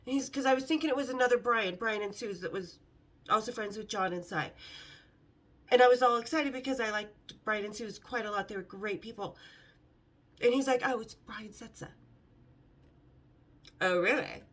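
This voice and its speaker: A woman's voice: on the high side, brisk, a bit bright. A middle-aged woman hosting a vlog, telling brash, sarcastic stories in a casual, swearing way. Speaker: vlog host. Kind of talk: casual storytelling to camera.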